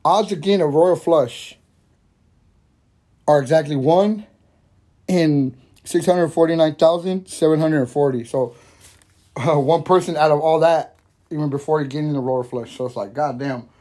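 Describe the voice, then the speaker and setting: A man's voice: fairly high pitch, measured pace, pauses often, warm tone. A young man hosting a casual podcast, rambling loosely, swearing constantly and laughing often between thoughts. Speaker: podcast host. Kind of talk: casual stoner podcast chat.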